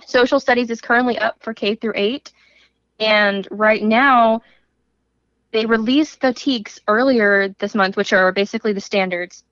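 A woman's voice: fairly high pitch, measured pace, fairly bright tone, dry recording. Woman reporter guest laying out her findings, kinda indignant, muffled dry line. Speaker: news correspondent. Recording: dry, dull remote audio.

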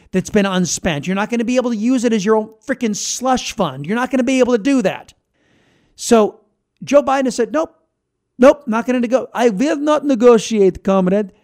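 A man hosting a political podcast, talking in a combative, sarcastic, emphatic way. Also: sits high. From United States. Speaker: podcast host. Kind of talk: opinionated political talk.

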